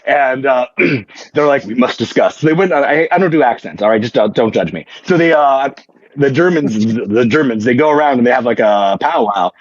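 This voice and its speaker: A man's voice: mid-range voice, animated, normal speed, no echo, dull audio. A man telling a story in casual chat, rambling and joking with lots of fillers and restarts. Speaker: podcast guest, tabletop wargame player.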